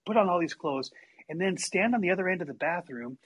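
A man telling a story in casual chat, animated and acting out the quotes. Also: high-pitched, brisk, slightly rough, rough recording. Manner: animated, acts out quotes with big voice shifts.

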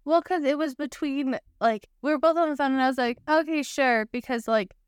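A woman's voice: high-pitched, a little fast, no echo, clean studio sound. A woman co-hosting a podcast, speaking bluntly and matter-of-factly in casual conversation. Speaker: podcast co-host.

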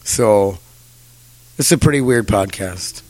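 A man's voice: fairly low pitch, slow pace, a little mellow, no room sound. A young man hosting a podcast in a rambling casual chat, swearing and laughing as he talks. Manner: rambling, profane, laughs often. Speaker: podcast host.

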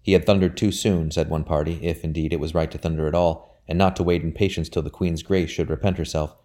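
A man narrating a novel chapter as an audiobook in a measured, steady way. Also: rumbling low.

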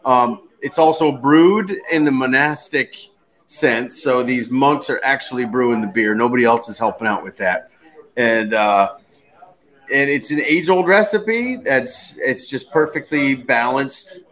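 A man co-hosting a casual beer chat as the bar owner, relaxed and explaining things with easy humor. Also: medium pitch, a little slow.

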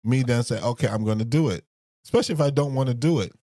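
A man's voice: mid-range voice, fast talker, dark tone, dry recording, studio quality. A man co-hosting with his wife, arguing back defensively and laughing often. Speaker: podcast co-host, husband. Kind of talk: casual couple argument.

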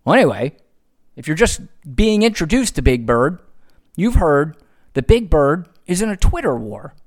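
A man's voice: a little high, sing-song, normal speed. A man hosting a solo podcast, ranting sarcastically with frequent profanity. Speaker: podcast host.

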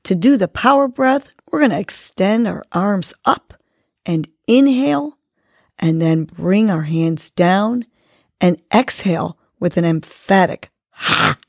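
A woman hosting a podcast, leading a breathing exercise and giving gentle, encouraging motivational words. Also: medium pitch, no echo. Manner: gentle, encouraging, slow and deliberate. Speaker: podcast host. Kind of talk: guided breathing and motivational talk.

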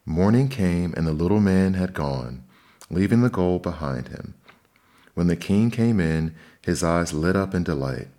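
Male storyteller, very low voice, measured fairy-tale narration. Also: animated, dark tone.

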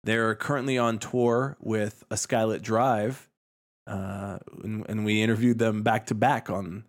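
A man's voice: on the low side, fairly even intonation, a little slow. A man co-hosting a music podcast, joking and chatting loosely with many restarts. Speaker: podcast co-host. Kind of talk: casual podcast chat.

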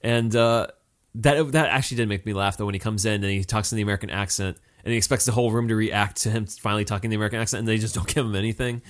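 A man's voice: fairly low pitch, fairly even intonation, very fast. A man co-hosting a casual movie review chat, rambling with many restarts and fillers.

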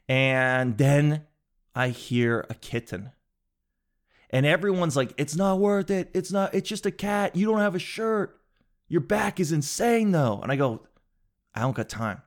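A man telling a comic story in a loose, animated way, swearing and acting out other people's voices. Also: mid-range voice. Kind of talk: comedic storytelling monologue.

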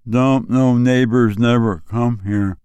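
A man voicing a lonely backwoods boy who speaks in slow, flat, matter-of-fact rural talk. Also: mid-range voice, clear, resonant tone, no room sound, muffled recording, lightly acted. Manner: slow drawling rural speech, flat and unbothered.

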